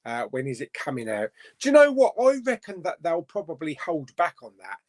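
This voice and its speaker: A man's voice: a little high, huge pitch swings, fairly quick. A man hosting a casual live stream chat, reading out viewer comments and chatting about them.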